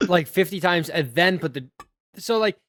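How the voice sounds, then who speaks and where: A man's voice: high voice, animated, moderate pace, a bit bright. A man co-hosting a podcast, chatting casually and joking with laughs. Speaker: podcast co-host. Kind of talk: casual chat.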